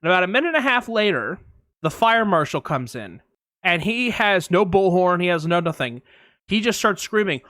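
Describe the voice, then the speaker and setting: A man with a bright, fairly high voice tells anecdotes on a podcast. He talks in a casual, animated way and acts out the people and sounds in his stories. The recording is close and dry. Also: moderate pace, no room sound. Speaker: podcast co-host. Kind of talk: casual storytelling chat.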